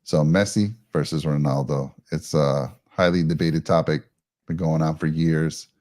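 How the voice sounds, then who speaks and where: A man's voice: a bass voice, fairly even intonation, a little slow, a little mellow. A man hosting a casual live show, talking in a rambling, friendly way with lots of fillers and restarts. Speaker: podcast host.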